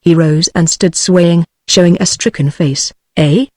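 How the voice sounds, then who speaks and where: A woman's voice: fairly low pitch, steady tone, measured pace, dark tone, no room sound. British-accented synthetic female narrator, dry. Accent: British English. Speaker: audiobook narrator. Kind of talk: text-to-speech book reading.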